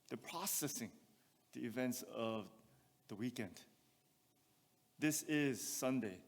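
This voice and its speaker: A man's voice: medium pitch, big-room sound. A male pastor preaching a sermon, reading scripture aloud and asking rhetorical questions. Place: church sanctuary.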